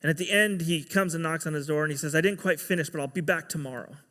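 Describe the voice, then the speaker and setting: A man's voice: on the high side, quick pace, a bit bright, big-room sound. A man giving a sermon as pastor, telling a story and acting out the quoted dialogue.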